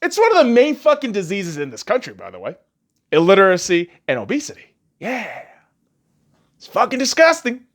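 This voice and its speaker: A man's voice: sits high, wildly swooping pitch, normal speed, a bit bright. A man hosting a podcast, ranting crudely and heatedly with heavy swearing. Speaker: podcast host. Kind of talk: profane podcast rant.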